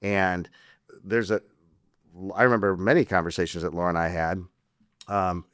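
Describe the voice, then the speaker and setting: A man hosting a podcast, talking in a relaxed, rambling way with easy laughs. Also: sits low, moderate pace, no echo, clean studio sound. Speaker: podcast host. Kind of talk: casual podcast conversation.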